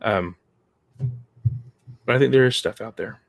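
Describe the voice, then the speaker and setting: Low-voiced man telling a halting story. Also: vocal fry, no echo. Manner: halting, filler-heavy storytelling. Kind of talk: casual podcast chat.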